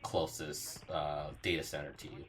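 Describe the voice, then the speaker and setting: A man's voice: rumbling low, flat delivery, normal speed, fairly bright tone. A man co-hosting a podcast, asking clarifying questions in casual chat. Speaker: podcast co-host.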